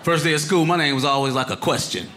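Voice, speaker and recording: A man doing stand-up comedy with an expressive, drawn-out delivery. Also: a little high, slight background noise. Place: comedy club stage before an audience.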